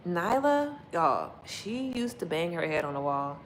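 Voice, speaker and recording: A woman's voice: medium pitch, lively intonation, takes it slowly, long pauses, bright, forceful tone, a little hiss or hum, low-quality recording. A woman chatting casually with her viewers from her home kitchen, laughing often and acting out quotes as she talks. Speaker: livestream host chatting with viewers. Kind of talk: casual chat.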